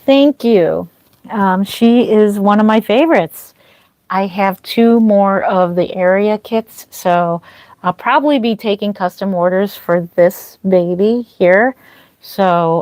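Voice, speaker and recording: A woman with a medium-pitched, slightly mellow voice and no echo livestreams as a reborn doll artist. She's in a home nursery wearing a mic, chatting with viewers and thanking them by name, with frequent fillers and a throat that's a little dry.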